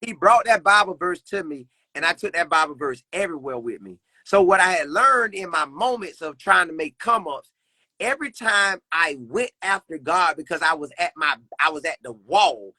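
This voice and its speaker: A young man with a fairly high, sharp voice speaks animatedly at a moderate pace, with no room sound. As a podcast guest he talks earnestly about faith, repeating phrases like a preacher. The conversation stays casual.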